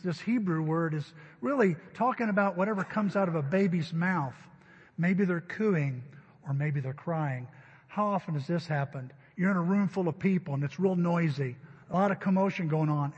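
A man's voice: sits high, slightly rough, big-room sound, lo-fi sound. A middle-aged man preaching a sermon in a church, telling stories in a conversational way. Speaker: pastor. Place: church sanctuary.

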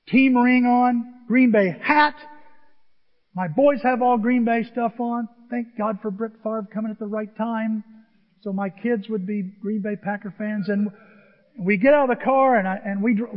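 High-voiced man in his sixties preaching. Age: 60s. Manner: animated, emotional storytelling. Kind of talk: storytelling sermon. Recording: echoey hall, dull lo-fi sound.

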